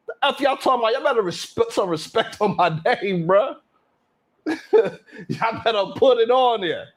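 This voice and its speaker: A man hosting his own live stream show, boasting and trash-talking the haters in a loud, hyped rant full of cursing. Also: extremely high pitch. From Brownsville, Brooklyn.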